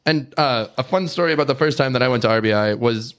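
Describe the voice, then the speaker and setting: A man's voice: medium pitch, fast, fairly bright tone. A man co-hosting a casual podcast, telling stories in a joking, profane way. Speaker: podcast co-host.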